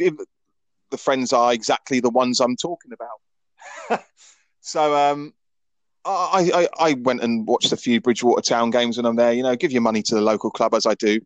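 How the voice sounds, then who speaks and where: A man co-hosting a football chat show, ranting in an animated way and repeating words as he builds up steam. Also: mid-range voice, no echo. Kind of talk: casual podcast chat.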